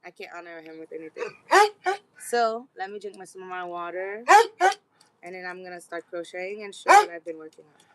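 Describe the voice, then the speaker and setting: A woman's voice: fairly low pitch, a little fast, fairly bright tone. A young woman vlogging in casual, rambling chat, switching to sing-song praise when talking to her dogs.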